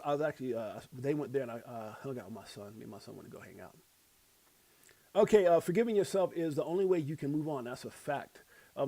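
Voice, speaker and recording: Middle-aged male host, husky and fairly high voice, loose rambling livestream delivery, reads posts aloud. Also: a little mellow. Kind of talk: casual livestream commentary.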